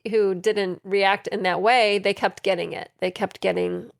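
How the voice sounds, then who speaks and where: A woman's voice: medium pitch, steady tone, measured pace, gravelly. Hesitant woman in casual chat. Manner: hesitant, many fillers. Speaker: podcast co-host.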